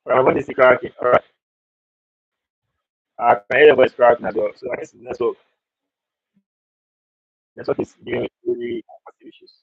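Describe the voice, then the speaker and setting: A man hosting an online trading group call from Nigeria, halting and repeatedly checking whether others can hear him. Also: medium pitch, steady tone, creaky, no echo. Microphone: video call. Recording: tinny phone-line call audio.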